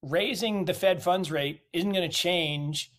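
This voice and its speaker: A man with a somewhat high voice delivers forceful, opinionated market commentary. He presses his points with strings of rhetorical questions and blunt declarations. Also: unhurried. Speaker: guest commentator.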